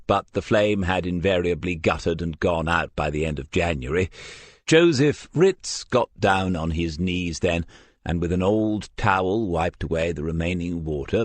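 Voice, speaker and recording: A man narrating a detective novel audiobook in a measured, even storytelling manner. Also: low-pitched, no echo. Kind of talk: scripted narration.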